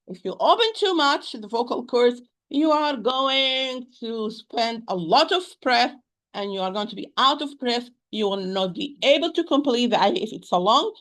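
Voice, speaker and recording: A woman teaching a recitation lesson, speaking haltingly, often repeating words and modelling pronunciations aloud to make her points. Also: sits high, a bit bright. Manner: stresses rules with emphatic repetition.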